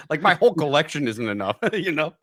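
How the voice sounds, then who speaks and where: A man's voice: fairly high pitch, very animated, brisk, fairly bright tone, dry recording, clean studio sound. A man as a podcast guest, laid-back and laughing often in casual chat.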